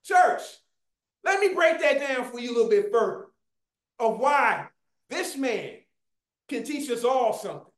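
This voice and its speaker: A preacher delivering a fervent sermon, often shouting and calling out to the congregation, recorded in a church. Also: mid-range voice, sing-song, normal speed. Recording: echoey room.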